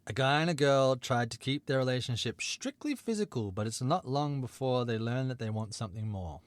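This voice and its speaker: A man running a movie quiz on a chatty podcast, reading clues with a playful lilt. His voice sits at an ordinary middle pitch. The sound is dry and close, with no room echo. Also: lively intonation, fairly quick. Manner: playful, reads clues and synopses aloud. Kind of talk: casual banter podcast.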